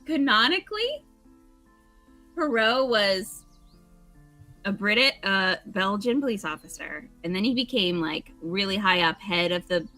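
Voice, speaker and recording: A woman's voice: mid-range voice, lively intonation, a little slow, bright, forceful tone, soft background music. A woman casually chatting and joking while playing a story game, laughing often. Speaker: game streamer. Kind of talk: casual let's-play chat.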